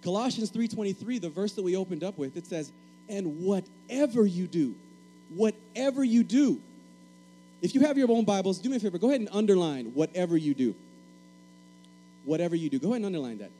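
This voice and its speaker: A man from Puerto Rico preaches with emphasis, his high voice pressing key phrases again and again. His tone is mellow and dark. A faint mains hum runs underneath. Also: lively intonation, brisk, rough recording. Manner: emphatic, repeats key phrases, asks the congregation to respond. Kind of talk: sermon.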